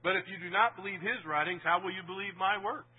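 A husky, high-voiced man preaches a lively sermon. He swings between forceful emphasis and low asides, quizzing his listeners as he goes. The sound is thin and tinny, as though heard over an old radio line. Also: fast talker. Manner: animated, swings from loud emphasis to low asides, asks the audience questions.

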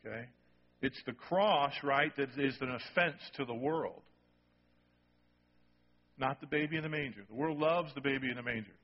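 Male preacher, emphatic sermon delivery, husky tone, recorded dull in a reverberant hall. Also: mid-range voice, normal speed, long pauses. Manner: emphatic, repeats key phrases, asks the congregation "okay?". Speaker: pastor.

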